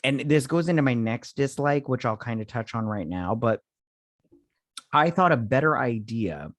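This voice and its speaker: A man's voice: mid-range voice, expressive, normal speed, dry recording, studio quality. A drunk man co-hosting a casual movie-review podcast, rambling and swearing as he trails off mid-thought. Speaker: podcast co-host.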